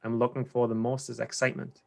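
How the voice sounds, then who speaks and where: In a coaching session, a Geordie man from England talks fast and flatly in a mid-range, creaky voice about his trading habits. His delivery is rambling and slangy, and he often starts sentences over.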